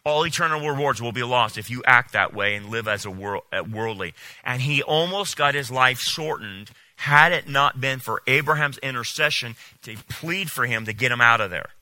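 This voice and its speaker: A man preaching a sermon as a pastor, animated and incredulous, often mocking what others say. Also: medium pitch, normal speed, hardly any pauses, dry recording.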